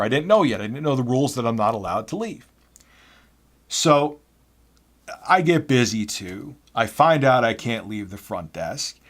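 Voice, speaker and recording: Animated man telling a retail story. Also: medium pitch. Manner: animated, exasperated. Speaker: YouTuber. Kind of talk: casual storytelling.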